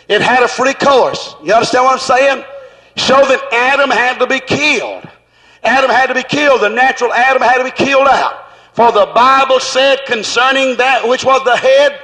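A man preaching a sermon in a fervent, rhythmic way, at times breaking into shouts. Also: extremely high pitch, in a large hall, rough recording.

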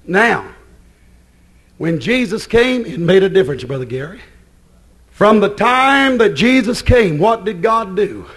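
A man preaching a sermon as pastor, excitable and breaking into shouts. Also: high voice, a little slow, long pauses, husky.

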